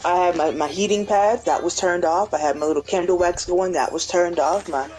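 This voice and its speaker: A man co-hosting a gaming video, telling a story in a lively, profanity-laced casual chat. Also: high voice, brisk, faint music behind, low-quality recording. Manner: animated, swears freely, talks to himself in retellings. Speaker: gaming co-host.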